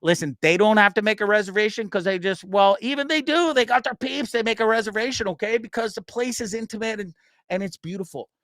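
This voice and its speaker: A Canadian man in his fifties hosting a live-streamed talk show, rambling and joking with lots of shout-outs and fillers. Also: sits high, fast, no echo. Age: 50s. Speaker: host.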